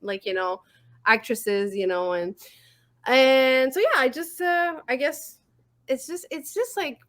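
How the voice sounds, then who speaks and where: A woman with a French accent co-hosts a podcast, chatting casually in an animated, giggly way with quick asides. Her voice is high-pitched, coming through a remote call mic.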